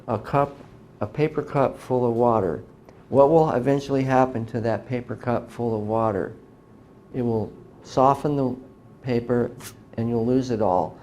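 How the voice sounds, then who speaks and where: A man's voice: mid-range voice, dark tone, slight background noise. A middle-aged man giving an emphatic lecture to a live audience, often asking rhetorical questions. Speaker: speaker lecturing on religion.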